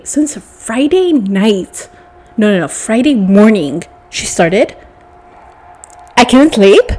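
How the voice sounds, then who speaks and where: Husky woman ranting in a casual vlog. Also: a little high, a little mellow. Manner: profane, exasperated ranting to camera. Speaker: vlogger.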